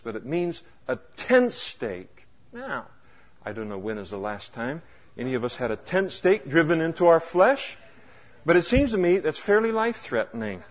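Male pastor, high voice, preaching, dramatic shifts from quiet to loud, wry humor. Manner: swings from hushed low asides to loud emphatic exclamations; acts out wry humorous asides with laughter. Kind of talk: sermon.

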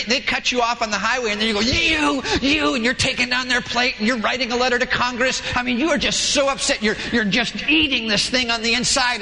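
A male pastor preaching a sermon in a lively way, acting out dialogues in different voices, in a large church hall. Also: very high voice. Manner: animated, acts out dialogues with shifting voices. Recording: long hall reverb.

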